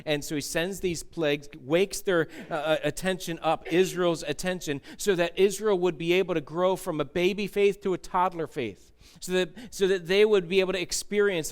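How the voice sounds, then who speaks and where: A man's voice: sits high, moderate pace, smooth. A man preaching a sermon as pastor, conversational, repeating key phrases and putting questions to the congregation. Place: church.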